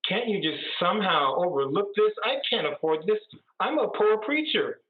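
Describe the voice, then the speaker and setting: A man's voice: high-pitched, expressive, normal speed, pitched above the performer's own voice. A man playing a broke priest who pleads with a police officer to let him off. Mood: pleading. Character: broke male priest begging a cop. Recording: tinny echoey video call.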